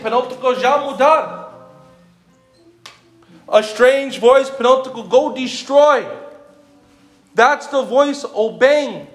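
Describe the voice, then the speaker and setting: Male preacher, very high voice, sermon with rhetorical questions and mixed languages, reverberant room. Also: a bit bright. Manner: repetitive rhetorical questions, calls listeners by name; switches between English and another language mid-sentence.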